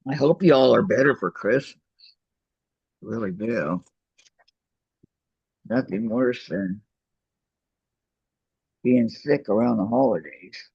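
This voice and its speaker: A man hosting a crafting video call, chatting casually and laughing often, with his voice going hoarse. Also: mid-range voice, slow pace, long pauses, dry recording. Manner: chatty, laughs often, greets viewers warmly. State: losing his voice. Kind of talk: casual chat while crafting. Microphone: computer microphone on a video call. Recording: dull lo-fi video call audio.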